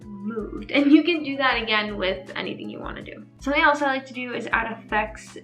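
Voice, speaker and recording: A woman's voice: on the high side, a little fast, a bit bright, faint music behind. Young woman tutor, chatty and upbeat, talks through edits casually; echoey room sound. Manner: chatty, upbeat, uses "like" often. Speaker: video editing tutor. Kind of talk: casual screen-recorded tutorial.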